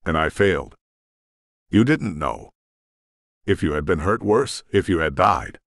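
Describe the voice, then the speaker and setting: A man's voice: deep voice, expressive, unhurried, dry recording, studio quality, exaggerated voice. A man reading the lines of an earnest young witch woman in an audiobook, in a pleading, breathless way. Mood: tender.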